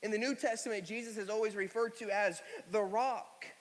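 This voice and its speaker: A man preaching a sermon, emphatic and repeating phrases, slowing down to stress key words. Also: high voice, steady tone. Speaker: pastor. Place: church sanctuary. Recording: long reverb of a church hall.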